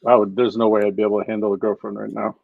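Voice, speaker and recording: A man's voice: fairly low pitch, flat delivery, very fast, vocal fry, no echo. Slangy guy cohosting a stream, cursing a lot, muffled dry mic. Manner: slangy, swears freely. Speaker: co-host. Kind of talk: casual livestream chat. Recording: dull lo-fi dry sound.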